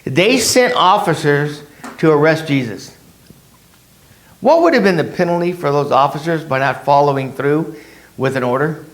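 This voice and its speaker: A man's voice: fairly high pitch, lively intonation, moderate pace. A man leading a casual Bible study, who asks his class rhetorical questions and acts out the people in the story in his own words.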